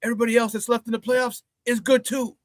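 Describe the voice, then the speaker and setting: A man hosting a casual sports talk show, animated, laughing easily and greeting viewers by name. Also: very high voice, fast, dry recording, clean studio sound.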